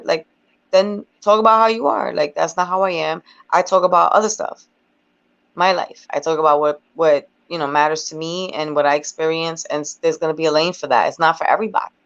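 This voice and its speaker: Woman rapper, lower voice, frank and emphatic, lo-fi dull sound. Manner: blunt, profane, emphatic. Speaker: guest rapper. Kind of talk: casual interview chat. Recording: dull lo-fi recording.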